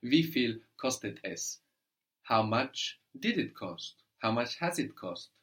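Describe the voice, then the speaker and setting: A man's voice: mid-range voice, sing-song, slow pace, fairly bright tone. Patient man teaching a language. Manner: patient, prompting, frequent "no?" checks. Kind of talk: one-on-one German lesson.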